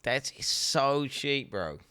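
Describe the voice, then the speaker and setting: A man's voice: mid-range voice, lively intonation, very slow, sharp tone, smooth, no room sound, clean studio sound. A man, streaming and giving blunt, rambling reaction commentary, swearing freely.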